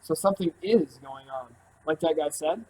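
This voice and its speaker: A man's voice: on the high side, moderate pace, a little mellow, a little hiss or hum, natural voice, poor audio. A man doing an easygoing young trumpet player. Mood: wry. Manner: easygoing, joking. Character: friendly, flattering young male trumpet player.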